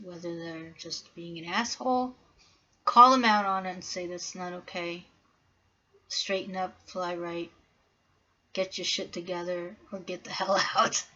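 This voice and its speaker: A woman talks casually to her viewers, rambling a little and filling gaps with "um" and "like". Her voice sits a bit low for a woman. The recording sounds dull and lo-fi. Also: bright, forceful tone. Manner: rambling, many fillers and restarts. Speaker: vlogger. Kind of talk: casual vlog talk.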